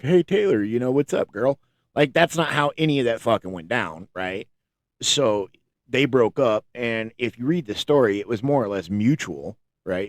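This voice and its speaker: A man's voice: lowish voice, no room sound. A man hosting a commentary channel, ranting casually and exasperated, swearing often and restarting his sentences. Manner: profane, exasperated, rambling with restarts. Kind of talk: casual reaction rant.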